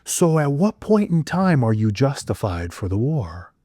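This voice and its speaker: A man on a podcast delivering an intense monologue. He asks rhetorical question after rhetorical question and swings from low muttering to loud exclamations. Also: very animated, measured pace, dry recording, clean studio sound. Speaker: podcast guest.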